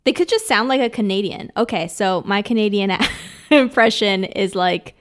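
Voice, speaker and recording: A woman's voice: mid-range voice, lively intonation, moderate pace. Teasing, giggly woman podcast co-host. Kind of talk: casual chat.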